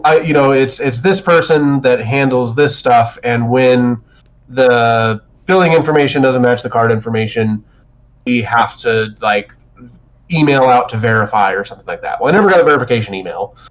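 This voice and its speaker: In a laid-back podcast chat, the man co-hosting spins a lengthy, swear-filled tale that keeps doubling back. His voice is mid-range at a normal pace, and the stream audio is dull and lo-fi.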